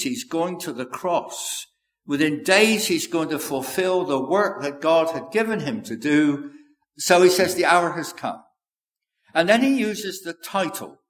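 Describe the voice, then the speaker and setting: A man preaching a sermon in a measured, earnest way, quoting scripture aloud. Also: fairly high pitch, a bit bright. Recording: echoey hall with long reverb.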